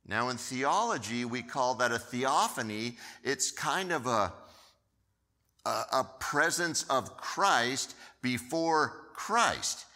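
A man preaching a sermon, telling the story in an animated way and often repeating words as he goes. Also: mid-range voice, slow, big-room sound. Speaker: pastor.

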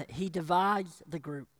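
A pastor preaching a sermon, acting out the voices of the people in the story, choked up and clearing their throat. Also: medium pitch, slow pace, dry recording. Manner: animated, acts out voices of biblical figures.

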